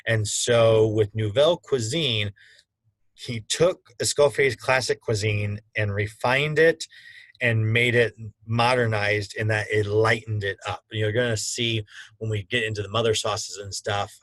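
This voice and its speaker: A man's voice: lowish voice, a bit bright, dry recording, poor audio. A man teaching a culinary school class in a casual, conversational lecture with frequent fillers. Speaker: culinary instructor.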